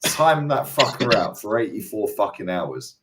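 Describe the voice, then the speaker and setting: Deep-voiced, teasing man. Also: very animated, normal speed, noisy background. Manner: teasing, swears a lot, banters. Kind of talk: casual chat.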